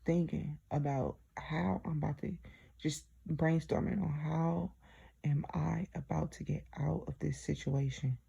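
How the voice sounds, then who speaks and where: A woman's voice: low-pitched, fairly even intonation, measured pace, creaky, mellow, breathy edge, lo-fi sound. A young woman telling her own story in a chatty way, talking straight to her listeners with lots of fillers. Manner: chatty, addresses listeners directly, many fillers. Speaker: diary vlogger. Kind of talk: casual personal storytelling.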